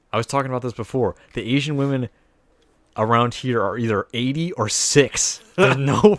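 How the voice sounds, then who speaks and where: A young man with a fairly low voice in a loose podcast conversation. He cracks jokes, curses freely, and laughs along with his co-host. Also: dry recording. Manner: joking, profane, laughs often. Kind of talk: casual chat.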